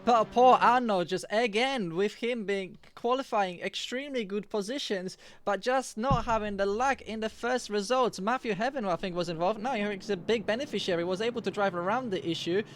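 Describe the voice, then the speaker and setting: A man co-commentating a sim race live, giving steady analysis of positions and battles. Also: sits high, normal speed, few pauses, slight background noise. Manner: steady analytical, opens turns with "indeed".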